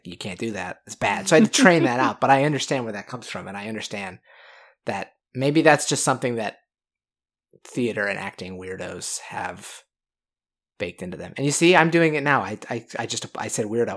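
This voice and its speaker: A man's voice: on the low side, animated, fairly bright tone. A man co-hosting a podcast in casual chat, rambling and self-deprecating. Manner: rambling, self-deprecating, quick to imitate voices. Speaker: podcast co-host.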